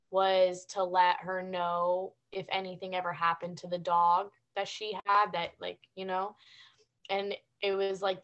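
A young woman co-hosting a podcast, telling stories and ranting in a casual, animated way, with lots of "like". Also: medium pitch. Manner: animated storytelling, ranting, heavy use of "like". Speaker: podcast co-host. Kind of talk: casual chat.

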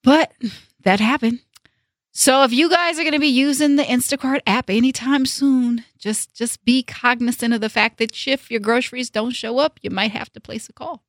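A woman hosting her own show, telling a story in a casual, animated way and acting out the people in it. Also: on the high side, normal speed, dry recording, studio quality. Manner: animated, emphatic, acts out quotes. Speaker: host. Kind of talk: storytime vlog, casual chat.

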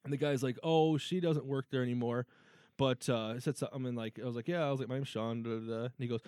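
A man's voice: medium pitch, steady tone, quick pace, darkish tone, clean tone, no echo, studio quality. A man co-hosting a podcast, telling a story in casual chat, swearing and laughing as he goes. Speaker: podcast co-host.

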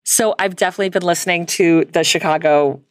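A woman's voice: on the low side, fast talker, dry recording, studio quality. A woman co-hosting a podcast in casual, profane chat, laughing often and calling her co-host "girl.".

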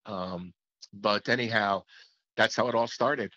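A man with a fairly low voice looks back on his years as a hockey play-by-play announcer. He tells his stories reflectively and often restarts his sentences. The sound is slightly muffled and lo-fi, and it is dry, with no room echo. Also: measured pace, bright, forceful tone. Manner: reflective storytelling with frequent restarts. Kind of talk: reminiscing interview talk.

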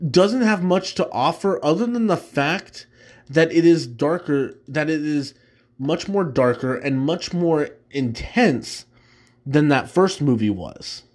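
A man's voice: a little high, lively intonation, takes it slowly, darkish tone. Rambling man hosting a movie chat. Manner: rambling, many fillers and restarts, laughs easily. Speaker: host. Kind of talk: casual solo chat ranking movies.

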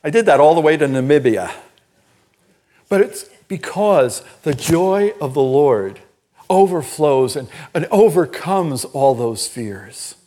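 Older guy pastor giving a sermon in church, slightly higher voice, lively storyteller. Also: slow pace. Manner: storytelling, animated and emphatic, laughs at own stories.

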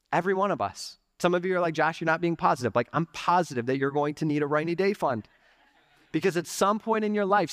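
A young adult man preaching a conversational, animated sermon in church, peppering his talk with "like" and "okay". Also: on the high side, no room sound, clean studio sound. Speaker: pastor. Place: church sanctuary.

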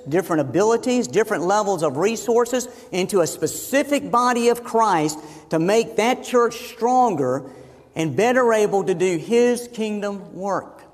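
A pastor delivers a sermon in a voice that sits high for a man, pressing each point by repeating it. His words ring out in a church sanctuary with a long reverb trailing behind them. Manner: emphatic, repeats phrases for emphasis.

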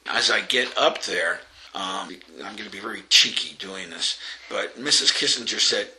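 An older man from Long Island spins an anecdote with a bright, ringing voice pitched a little low. He acts out the people he quotes and laughs along the way. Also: lively intonation, a little slow, poor audio. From Long Island, New York. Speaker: interviewee. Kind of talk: telling an anecdote.

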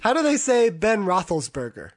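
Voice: mid-range voice, huge pitch swings, moderate pace, no echo. A podcast co-host who teases wryly in casual chat over a video call.

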